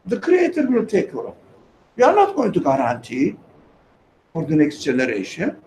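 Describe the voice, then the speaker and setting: In an echoey room with faint ambience, an emphatic man lectures a small group, repeating key phrases and asking the audience questions. His high, creaky, slightly mellow voice swoops wildly in pitch at a moderate pace, with a little hiss or hum.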